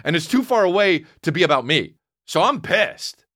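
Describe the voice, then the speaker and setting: A man in his thirties, a comedian telling a rambling, profane story in casual chat, mumbling low one moment and shouting the next. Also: moderate pace, dry recording, clean studio sound. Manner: profane, animated, swings between mumbling and shouting.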